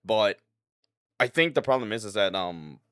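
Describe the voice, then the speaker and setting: A man co-hosting a podcast, talking in a halting, animated way and laughing easily. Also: lowish voice, clean tone, no room sound, clean studio sound. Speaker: podcast co-host. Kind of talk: casual chat.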